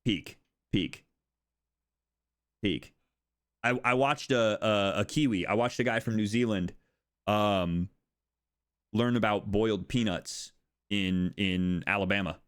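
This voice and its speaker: A young American man streaming casual chat, rambling and animated, swearing and laughing often as he talks. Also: lowish voice, slow, pauses often, clear, resonant tone. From United States.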